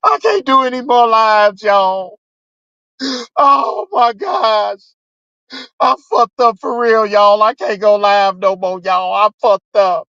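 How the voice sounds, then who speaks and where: A man's voice: high-pitched, animated, slow, pushed and bright, clear, resonant tone, dry recording, pitched above the performer's own voice, heavily acted. A man putting on the voice of a whiny, self-pitying man who wails over his ruined channel. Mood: whining. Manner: wailing, dragged-out complaints. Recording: dull lo-fi sound.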